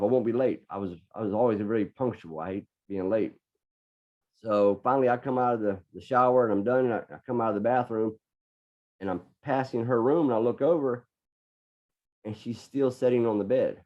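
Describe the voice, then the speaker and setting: A man's voice: mid-range voice, brisk. A middle-aged man, a podcast guest, telling a personal story in an earnest way and often repeating words as he gathers his thoughts. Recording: dull lo-fi podcast audio.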